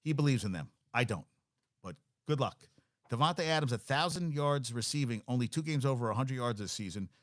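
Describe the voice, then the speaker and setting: A man's voice: mid-range voice, lively intonation, brisk, fairly bright tone, dry recording, clean studio sound. A man hosting a casual sports talk show, rattling off statistics with blunt, wry asides.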